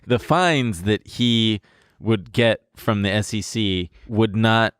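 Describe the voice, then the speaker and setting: Young male podcast co-host, low-ish voice, sarcastic, dry recording. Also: takes it slowly, clean tone, no room sound. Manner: wry, sarcastic quips. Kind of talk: casual comedic chat.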